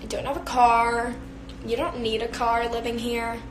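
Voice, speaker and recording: Chatting with her phone live-stream viewers, a young woman who works as a beauty influencer talks a lot, giggles, and fills her speech with fillers. Her voice is on the high side with flat delivery at normal speed. There's a little hiss or hum, plus echo and faint ambience.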